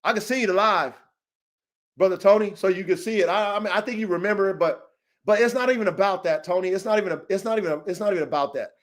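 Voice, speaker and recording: A man with a high voice for his sex, hosting a dog-training podcast. He rants in a heated, confrontational way, swearing freely and repeating himself for emphasis. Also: fast. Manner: profane, repetitive, confrontational. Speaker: dog trainer and show host.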